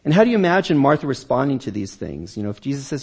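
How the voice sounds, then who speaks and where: A man's voice: mid-range voice, sing-song, rapid-fire, vocal fry, darkish tone, slightly rough. A man preaching a sermon as pastor of a church, talking in a conversational way and often repeating and restarting words.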